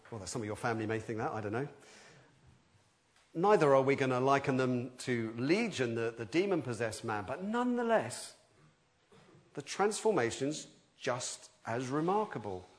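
Animated preacher. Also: male voice, medium pitch. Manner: animated, acts out quoted voices with sudden loud outbursts. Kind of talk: sermon.

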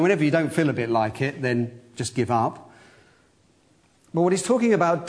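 A man's voice: a little high, a little mellow. Conversational male church elder preaching. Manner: conversational, acts out quoted voices, wry humor. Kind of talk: sermon.

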